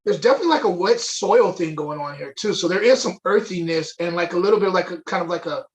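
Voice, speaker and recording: High-pitched guy, chatty and excited, going over wine on a livestream. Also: quick pace. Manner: enthusiastic, chatty, with fillers. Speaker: wine tasting co-host. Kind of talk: live online wine tasting chat. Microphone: webcam or desk mic on a video stream.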